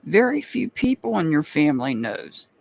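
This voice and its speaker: A tarot and rune reader on a live stream, talking straight to chat viewers and musing between pauses. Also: mid-range voice, sing-song, vocal fry, no echo.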